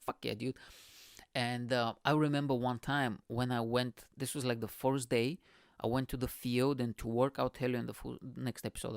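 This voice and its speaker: A man's voice: medium pitch, creaky, no room sound, clean studio sound. A man, a podcast host, telling a long casual story in English, swearing freely and laughing often. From Bulgaria. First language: Bulgarian.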